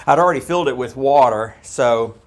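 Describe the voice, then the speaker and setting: A man's voice: medium pitch, slight background noise. A man walking through his homestead project in a casual how-to video, rambling and correcting himself as he goes, holding a handheld microphone. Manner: rambling, halting, with frequent uhs and self-corrections. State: out of breath. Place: outdoor homestead fodder house.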